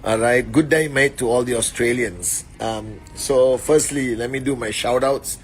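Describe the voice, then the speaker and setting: A man hosting a motivational live stream on his phone indoors, greeting viewers warmly and giving shout-outs. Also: mid-range voice, measured pace, soft background music. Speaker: network marketing leader.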